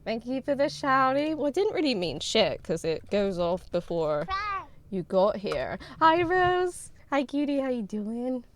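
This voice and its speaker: A young woman, streaming and chatting with her viewers in an excitable, bubbly way and swearing freely. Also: a little high, a little slow. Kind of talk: casual livestream chat with viewers.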